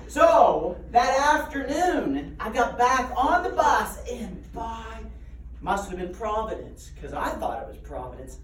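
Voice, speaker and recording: A man's voice: high voice, normal speed, a little hiss or hum. A man preaching to a congregation, telling self-deprecating stories with humor. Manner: self-deprecating, animated storyteller. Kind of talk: humorous storytelling sermon. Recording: echoey church hall, distant mic.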